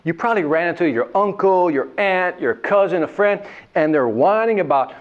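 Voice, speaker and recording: A man's voice: high-pitched, a little fast. A man giving a motivational sales talk, telling a story and acting out whining voices along the way. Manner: animated, acts out whining voices and characters. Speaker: sales trainer. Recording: dull lo-fi sound.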